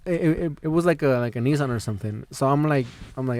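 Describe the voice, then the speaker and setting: A man's voice: medium pitch, rapid-fire, hardly any pauses, a little mellow. A young man telling a casual, rambling story as a podcast guest, swearing freely, laughing, and leaning on "dude" and "like".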